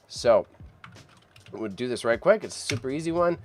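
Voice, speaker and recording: A man's voice: mid-range voice, animated, moderate pace, pauses often, a little hiss or hum. A man hosting a casual live auction stream, chatty and self-deprecating, often repeating himself. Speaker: livestream auction host.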